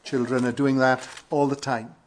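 A man from Wales with a Welsh accent, preaching an earnest sermon with emphatic rises and quiet falls. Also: medium pitch, level tone, normal speed, slight background noise. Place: church in London.

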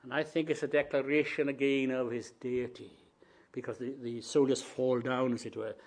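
A preacher, a man, delivering a sermon, shifting between quiet reflective musing and loud rising proclamation. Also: mid-range voice, level tone, normal speed.

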